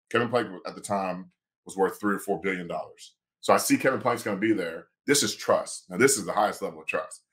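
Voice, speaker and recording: On a podcast, a lawyer who works as a sports agent recounts a story in a relaxed, animated manner. Speaking fairly quickly in a low voice, he dramatizes the quoted dialogue.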